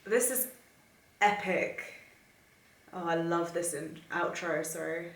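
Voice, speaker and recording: A woman's voice: fairly low pitch, fairly even intonation, takes it slowly, echoey room. A young woman, gushing emotionally and chatting casually as she reacts to music for her vlog. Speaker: vlogger.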